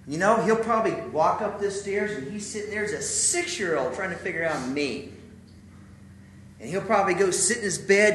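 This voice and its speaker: A man's voice: fairly high pitch, a bit bright, reverberant, a little hiss or hum. A man, preaching a sermon, telling stories and asking his listeners questions. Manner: storytelling, acts out quotes, asks the audience questions.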